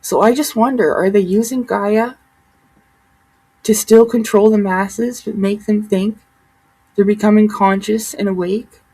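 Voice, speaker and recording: A woman vlogging in a loose, rambling rant, swearing freely as she goes. Her mid-pitched voice has a gravelly, fry-heavy edge. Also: fairly even intonation, measured pace, warm tone, low-quality recording. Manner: profane, heated and rambling. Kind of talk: casual ranting monologue.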